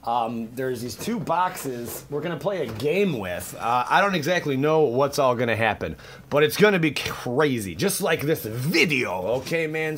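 Excitable young male vlogger host: bright, animated delivery, crude outbursts. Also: on the high side, normal speed, a little hiss or hum. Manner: hyper, excitable, crude exclamations. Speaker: card-opening YouTube host. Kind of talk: casual pack-opening vlog.

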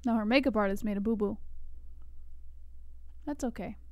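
A woman's voice: on the high side, normal speed, darkish tone, no room sound, studio quality. A woman co-hosting a live fight-reaction stream, reading chat and teasing her co-host in laid-back banter.

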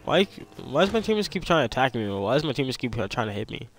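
A young man, commenting on his own gameplay casually, excitable, repeating himself and yelping when attacked. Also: mid-range voice, quick pace, creaky, soft background music. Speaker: gameplay streamer.

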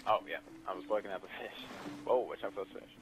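A man's voice: fairly low pitch, fast talker, soft background music, poor audio. A man co-hosting a let's play, chatting and joking with a friend while gaming. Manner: chatty, giggly, jokey banter. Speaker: gamer co-host. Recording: voice over loud game noise.

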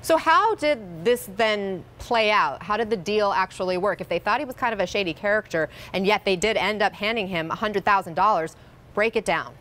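Woman news anchor, clear broadcast read. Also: medium pitch, a bit bright, a little hiss or hum. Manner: clear, measured broadcast delivery.

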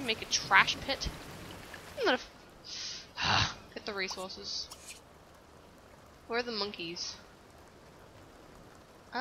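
A young woman giving casual, profane let's-play commentary, reacting loudly and insulting her own game character. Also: a little high, background noise. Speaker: gameplay commentator.

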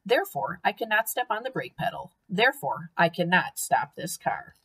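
A woman reading aloud and voicing a polite, formal gentleman who speaks in a calm, measured, logical way. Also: fairly low pitch, husky, full character voice.

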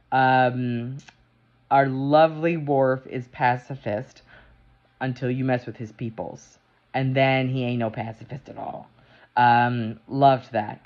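A woman talking through her review of a TV episode in a casual, animated way, swearing freely and full of fillers and restarts. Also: low voice. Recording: dull lo-fi sound.

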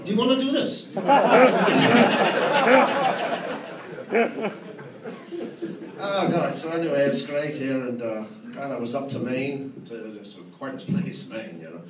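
A man's voice: on the high side, takes it slowly, long pauses, far from the mic, slight background noise. A man posing as a guest lecturer, teasing audience members by name in roast-style comic talk at a company event. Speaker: impostor speaker at a company event. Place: large function room with laughing crowd. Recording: roomy hall recorded from afar, loud crowd.

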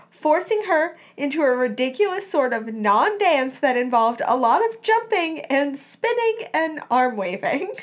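A woman's voice: high-pitched, sing-song, measured pace, hardly any pauses. A woman hosting a podcast, reading a story aloud expressively and chatting casually between passages. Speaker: podcast host reading fan fiction aloud.

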